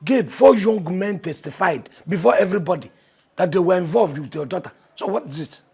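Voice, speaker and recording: A brash, dismissive Nigerian rogue with a very rough, husky voice that sits a little high. He brushes off every accusation with boastful scorn. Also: expressive, fairly quick, darkish tone, exaggerated voice. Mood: scornful. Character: arrogant young man dodging responsibility.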